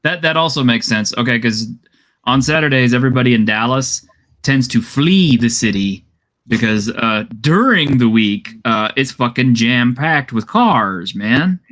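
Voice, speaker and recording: Texan guy on a podcast panel, rambly, keeps restarting sentences, average pitch. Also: animated, a little slow, fairly bright tone. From Texas. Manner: rambling, self-correcting. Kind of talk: casual group chat.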